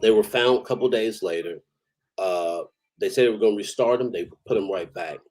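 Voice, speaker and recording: This man, an army veteran, rambles through profane, casual stories with the odd chuckle. He speaks briskly in a lowish, darkish voice, and the audio is poor.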